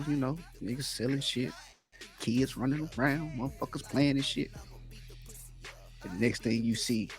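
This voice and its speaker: A man co-hosting a podcast, telling a story in a laid-back way, laughing through it and swearing often. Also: medium pitch. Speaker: podcast co-host. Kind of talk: casual podcast chat.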